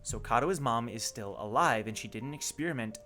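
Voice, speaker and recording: A young man streaming a story game, reacting with excitable, animated speculation. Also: medium pitch, fairly quick, faint music behind. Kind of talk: live let's play commentary.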